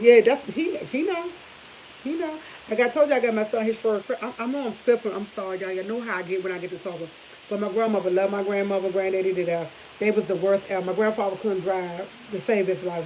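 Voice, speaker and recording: A woman's voice: mid-range voice, a little fast, a little mellow. A woman, telling stories to her viewers in a rambling, chatty way with frequent laughs and restarts. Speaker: vlog host. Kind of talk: casual storytelling chat to viewers. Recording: dull lo-fi audio with faint hiss.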